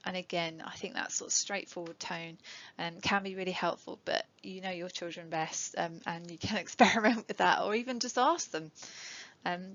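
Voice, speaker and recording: A woman's voice: on the low side, normal speed, fairly bright tone. A middle-aged woman, an educational psychologist, giving a webinar talk to parents in a conversational way, with many ums and light laughs. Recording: dull lo-fi webinar audio.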